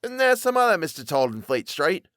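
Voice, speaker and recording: A cheeky, brash errand boy, as a grown male storyteller voices him, pitched high with a lively, sing-song lilt, read dry and close. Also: a little fast, dry recording.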